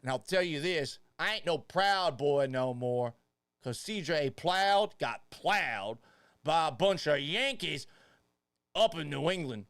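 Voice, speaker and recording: A man doing a loud, outraged Texas sports fan with a put-on Southern drawl, ranting trash talk. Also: fairly high pitch, lively intonation, takes it slowly, clear, resonant tone, heavily acted.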